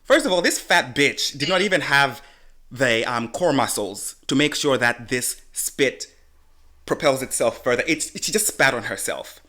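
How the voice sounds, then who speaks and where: A young man co-hosting a casual podcast, telling a story in an animated, profane way. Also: mid-range voice, measured pace. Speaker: podcast co-host.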